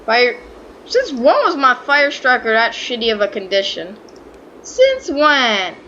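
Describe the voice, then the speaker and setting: High, bright-voiced woman gaming. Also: a little slow, muffled recording, a little hiss or hum. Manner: excitable, swears a lot, talks to the game. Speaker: gaming channel host. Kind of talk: casual let's-play commentary.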